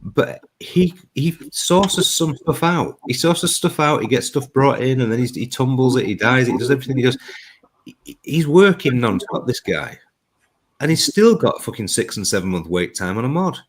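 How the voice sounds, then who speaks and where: Host, man, mid pitch, animated delivery, swears freely, ribs his guests. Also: normal speed, slightly rough. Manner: sweary, blunt, teasing banter. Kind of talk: casual chat on a live stream show.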